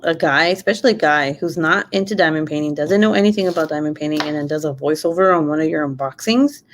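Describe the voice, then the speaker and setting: A woman's voice: sits low, a little hiss or hum. Chatty young woman, swears a lot. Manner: chatty, swears freely, rambling asides. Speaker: YouTuber. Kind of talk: casual late-night craft livestream chat.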